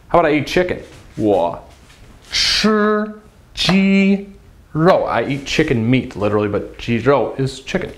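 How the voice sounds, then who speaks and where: Male Mandarin tutor, unhurried, exaggerated tone drills, light playful asides. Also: mid-range voice. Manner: slow, patient, repeats syllables with exaggerated tones. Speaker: Mandarin teacher. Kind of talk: video language lesson.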